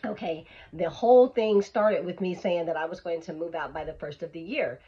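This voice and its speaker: A woman vlogger telling an animated, emphatic storytime, on a dull lo-fi recording. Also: lowish voice, normal speed, breathy edge. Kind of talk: storytime vlog.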